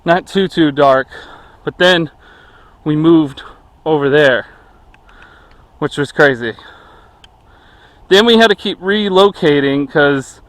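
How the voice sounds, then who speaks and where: A man walking through woods and talking casually, out of breath, rambling with many fillers. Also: on the high side. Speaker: vlogger. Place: outdoors in woods.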